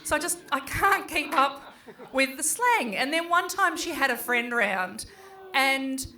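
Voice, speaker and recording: Performing a stand-up set in a small pub, a middle-aged Australian woman swears freely and chats away, mimicking her kids in rapid voices. Her voice sits high, expressive, pushed and bright.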